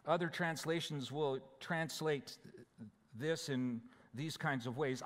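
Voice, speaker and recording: Pastor preaching in a reverberant church. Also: male voice, on the high side, measured pace. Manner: conversational, explaining scripture verse by verse. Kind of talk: sermon. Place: church sanctuary. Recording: church hall with long reverb.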